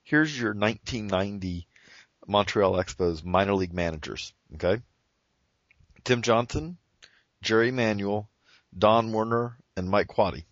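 Deep-voiced man talking baseball history. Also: a little slow, pauses often, no echo. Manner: lists names and rankings. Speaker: podcast guest, writer. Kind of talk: casual podcast chat. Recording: dull lo-fi audio.

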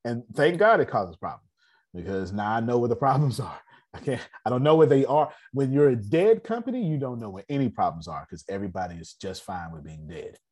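A man's voice: mid-range voice, expressive, a little fast, a little mellow, slightly rough. A man hosting an online business meeting, giving a casual motivational talk, repeating himself and often checking that listeners understand.

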